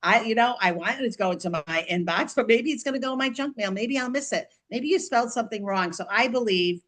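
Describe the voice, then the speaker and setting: A middle-aged woman, an author and guest on a podcast, talking in animated bursts and often restarting or repeating her words. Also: fairly high pitch. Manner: speaks digits slowly and deliberately. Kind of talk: conversational interview.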